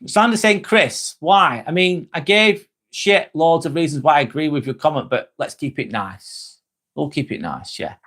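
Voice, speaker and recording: A man's voice: on the high side, lively intonation, moderate pace, a bit bright. Male streamer, casual and jokey, reads chat aloud, swears freely. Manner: reads viewer comments aloud and replies, joking and swearing freely. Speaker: live-stream host.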